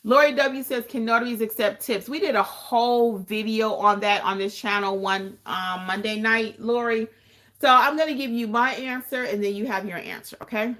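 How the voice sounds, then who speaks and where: Emphatic, bright-voiced woman host. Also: fairly high pitch, moderate pace. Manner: emphatic, repeats points for effect. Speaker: podcast host and notary trainer. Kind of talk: livestream chat answering viewer questions.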